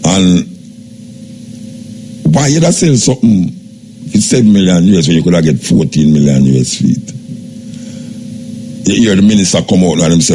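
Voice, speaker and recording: An older Jamaican man hosting a radio talk show. He gives a measured, skeptical monologue in Jamaican Patois. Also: deep voice, animated, mellow. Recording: radio broadcast with faint background noise.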